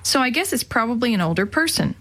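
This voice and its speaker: A woman's voice: a little high, big pitch swings, fast talker, fairly bright tone. A woman voicing a curious, determined young boy in a children's audiobook, speaking eagerly.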